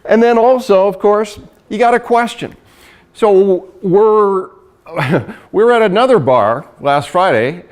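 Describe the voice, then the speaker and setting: A middle-aged man giving a lively sales training talk, acting out conversations and laughing often. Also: high voice, slow. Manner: animated storyteller, acts out dialogue, laughs often.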